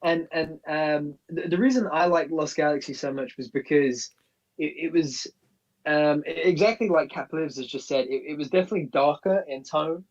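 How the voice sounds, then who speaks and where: A man's voice: a little high, moderate pace. Male co-host, rambling fan explainer, sounds distant and dull, off-mic. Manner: rambling, many restarts, nostalgic fan explaining. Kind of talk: casual live-stream chat.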